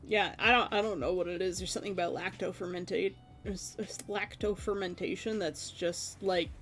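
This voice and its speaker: A woman in her thirties chatting casually with her stream viewers, animated and laughing often. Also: lowish voice, moderate pace, faint music behind.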